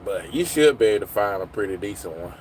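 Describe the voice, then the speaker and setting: A man's voice: fairly low pitch, animated, fast talker, background noise. A man hosting a casual livestream from his phone, rambling and answering viewers' comments. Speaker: livestream host. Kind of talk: casual live chat with viewers.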